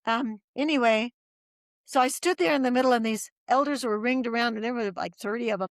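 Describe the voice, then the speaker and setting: A woman's voice: a little high, brisk, no room sound, clean studio sound. A middle-aged woman telling her story as a podcast guest, acting out the voices of people she quotes. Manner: lively storyteller who acts out quoted voices.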